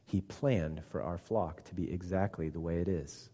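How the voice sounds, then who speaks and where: A man voicing a patient, wise young ram from a storybook, spoken quietly in a deep, mellow tone. A church hall's long reverb trails behind the voice. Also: moderate pace, husky. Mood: gentle. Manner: quiet, calm storybook reading. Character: gentle wise male sheep, patient teacher.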